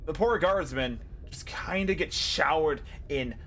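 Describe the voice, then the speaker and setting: A man's voice: on the high side, measured pace, a bit bright, a little hiss or hum. A man running a tabletop game as game master, narrating casually and joking at his own expense with mild swearing.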